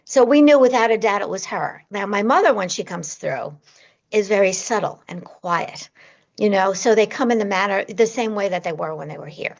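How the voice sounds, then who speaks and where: A gravelly-voiced woman, a guest medium on a podcast, tells her stories with animation and leaps up in pitch at the big moments. Her voice has some fry, and the remote recording sounds dull and lo-fi. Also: moderate pace. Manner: animated storyteller, voice jumps high when reliving moments. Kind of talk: storytelling in a podcast interview.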